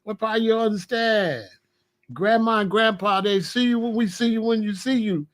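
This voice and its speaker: High-voiced older man ranting and laughing. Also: normal speed, fairly bright tone. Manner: profane, taunting, laughs often, repeats "you know what I'm saying". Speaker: vlogger scolding his grandson. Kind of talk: casual rant to camera.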